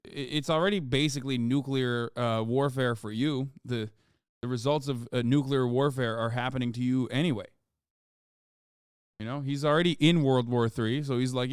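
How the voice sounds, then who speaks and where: Man, live-stream reaction commentary, profane, exasperated, smooth voice, dry close mic. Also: medium pitch, normal speed, no room sound. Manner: profane, exasperated rants, reading news aloud.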